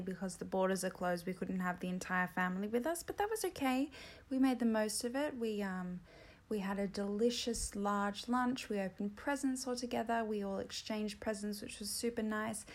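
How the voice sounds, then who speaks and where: An Australian woman hosts a solo comedy podcast in a middle-pitched voice, rambling and mocking herself with playful asides. She talks straight to her listeners in a loose, chatty way. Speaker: podcast host.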